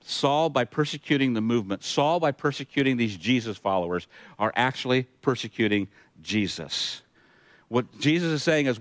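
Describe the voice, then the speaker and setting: A man's voice: medium pitch, animated, normal speed, no echo. Man preaching a sermon, dry close sound. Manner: storytelling scripture reading with emphatic asides. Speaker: pastor.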